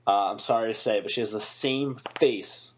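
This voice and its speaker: A man's voice: fairly low pitch, normal speed, a little hiss or hum. A man co-hosting a casual TV review podcast, talking bluntly and mockingly and swearing freely. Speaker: podcast co-host.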